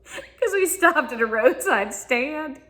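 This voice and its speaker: Giggly Southern woman with lively pitch. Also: slow. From Southern United States. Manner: giggly, laughs often while talking. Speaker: vlogger. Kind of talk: casual storytelling monologue.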